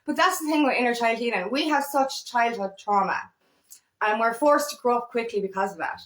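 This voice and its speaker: High-voiced woman, echoey room. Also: a little fast. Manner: rambling, animated, frequent swearing. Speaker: feminine empowerment coach. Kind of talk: casual monologue.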